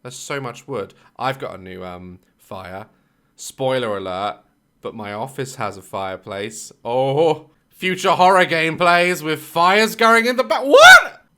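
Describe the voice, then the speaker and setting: A man chats through a reaction video with a bright, forward tone and a voice that swings widely up and down. He keeps up a stream of sarcastic jokes and mocking asides in a loose, casual way. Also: mid-range voice, animated, measured pace, clear, resonant tone. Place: home office.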